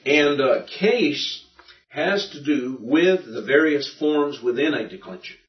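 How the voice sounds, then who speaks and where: A man teaching a Greek language class in a folksy, halting lecture style, often repeating himself. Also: medium pitch, expressive. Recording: roomy, distant, muffled classroom recording.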